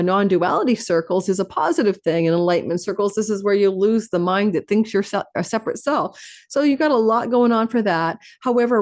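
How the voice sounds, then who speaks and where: A woman astrologer hosting her own channel, giving a fast, animated forecast that runs through long lists of phrases. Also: mid-range voice. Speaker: astrologer host.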